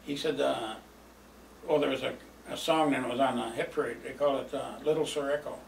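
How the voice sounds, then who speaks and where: Gravelly older man reminiscing, chuckling. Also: mid-range voice, fairly even intonation, brisk, slight background noise. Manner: rambling, chuckling, lots of fillers. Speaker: storyteller. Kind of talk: reminiscing oral history. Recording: roomy, distant mic, faint ambience.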